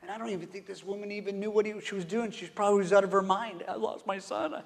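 A man preaching a sermon to his congregation in a church hall with a long reverb. His voice sits a bit high, and he swings between hushed whispers and loud, emphatic calls while asking the room questions. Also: a little fast.

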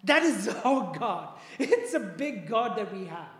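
A preacher giving a sermon in a church, repeating key phrases and often checking in with the congregation with a quick "right?" or "okay?". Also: mid-range voice, very animated, a bit bright. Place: church sanctuary. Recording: long reverb of a large hall.

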